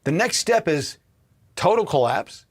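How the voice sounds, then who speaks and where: Man, political livestream host, heated profane rant, highish voice, wildly animated pitch. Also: unhurried, creaky, slightly rough. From Indiana, US. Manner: heated, profane, swings between shouting and muttering. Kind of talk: ranting livestream commentary.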